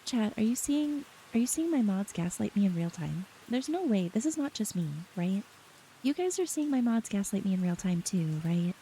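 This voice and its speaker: A woman streamer chatting softly and giggling often as she greets her chat, close to the mic with faint rain behind. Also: medium pitch, big pitch swings, moderate pace, a little hiss or hum, rough recording. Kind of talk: soft-spoken live-stream chat. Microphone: close ASMR microphone.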